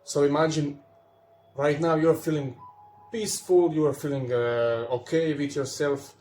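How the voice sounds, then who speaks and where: Man speaking slowly in an echoey room. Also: fairly high pitch, steady tone, darkish tone, a little hiss or hum. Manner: slow, searching, with pauses and restarts. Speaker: spiritual teacher. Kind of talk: calm spiritual talk to viewers.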